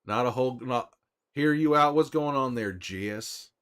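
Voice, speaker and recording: A man's voice: mid-range voice, a little slow, a bit bright, smooth, lightly acted. A man playing a weary middle-aged male survivor in character on a livestream, with a put-on drawl and a folksy, chatty way of talking to viewers. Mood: easygoing. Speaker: streamer in character.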